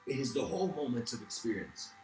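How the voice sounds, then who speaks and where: A man's voice: mid-range voice, very animated, fast talker, a little mellow, echoey room, faint music behind, lightly acted, rough recording. A man voicing a brash, cocky ancient male philosopher with a tough-guy swagger. He talks emphatically and repeats himself. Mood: defiant.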